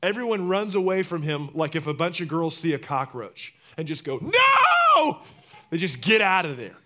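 Speaking briskly in a slightly high voice, this pastor tells the sermon's story through vivid acted-out characters, shifting from loud outbursts to hushed, personal appeals.

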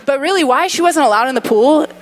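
Woman, young adult, preacher, slightly high voice, candid, humorous storytelling sermon. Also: lively intonation, fast.

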